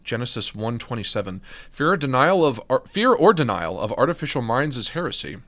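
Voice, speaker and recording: A man streaming, reacting to a video with jokey, animated commentary, reading text aloud and sometimes talking with his mouth full. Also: medium pitch, brisk.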